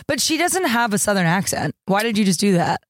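A woman's voice: mid-range voice, very animated, fairly quick, dry recording, studio quality. A woman co-hosting a comedy podcast in casual chat, playful and teasing. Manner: playful, teasing, laughs easily. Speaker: podcast co-host.

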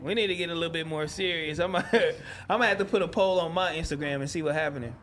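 A man co-hosting a casual group podcast, talking in loud, slangy, joking rants. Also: a little high, racing, slight background noise. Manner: loud, slangy, jokey ranting. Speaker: podcast co-host.

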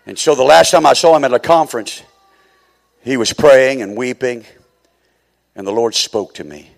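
A man's voice: medium pitch, normal speed, gravelly. A man preaching a sermon as a church elder, speaking straight to the congregation and repeating phrases for emphasis.

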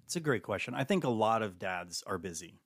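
Animated storyteller dad, dry close mic. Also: male voice, lowish voice, fairly quick, dry recording. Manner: animated storyteller acting out family dialogue. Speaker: guest. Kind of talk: casual podcast storytelling.

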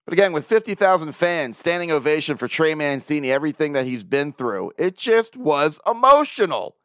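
A man talks through a casual podcast monologue, animated and poking fun at himself. His voice sits a bit high and swings up and down a lot. The sound is dry and close. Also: fairly quick, no echo. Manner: animated, self-mocking, chuckles often. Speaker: podcast host.

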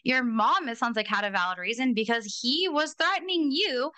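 A woman's voice: a little high, moderate pace, bright, forceful tone, no echo. A woman hosting a podcast, reacting supportively and bluntly, with casual swearing. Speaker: podcast host. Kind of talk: casual chat.

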